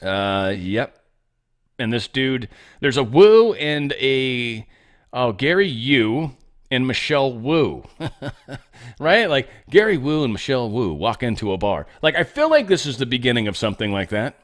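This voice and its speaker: A man's voice: medium pitch, sing-song, unhurried. A man hosting his own show, reading news stories aloud and riffing on them in a rambling, sarcastic way with profane asides. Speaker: podcast host. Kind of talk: casual news commentary monologue.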